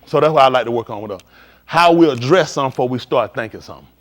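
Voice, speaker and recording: Animated man preaching casually. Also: mid-range voice, racing. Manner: animated, shifting between quiet and loud, acts out dialogue. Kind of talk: livestreamed sermon.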